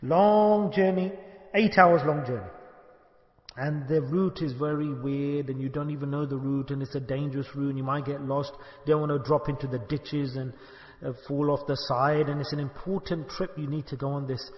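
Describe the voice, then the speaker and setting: A man's voice: on the high side, fairly even intonation, normal speed. A man giving a sermon, asking his listeners questions and acting out little dialogues. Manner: rhetorical, asks the audience questions and acts out dialogue. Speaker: sheikh giving a religious talk. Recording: echoey hall, dull lo-fi sound.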